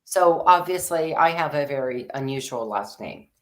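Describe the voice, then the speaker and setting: Low-voiced, chatty woman co-host. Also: lively intonation, normal speed. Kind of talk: casual advice chat.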